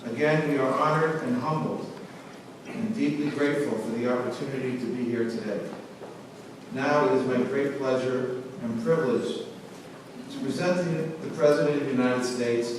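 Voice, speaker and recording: A man delivers a measured, earnest prepared address. He sounds distant in a long-reverberating hall, with steady background noise. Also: mid-range voice. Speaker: company executive introducing a speaker. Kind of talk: formal prepared speech. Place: large reception hall. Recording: echoey hall, from far off, noisy.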